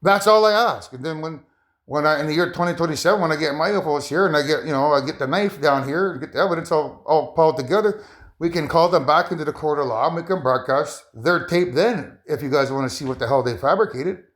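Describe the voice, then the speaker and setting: A man rambling casually to his viewers, excitable and often breaking into laughter. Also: fast talker. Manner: excitable, laughs often, rising into high bursts. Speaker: vlogger.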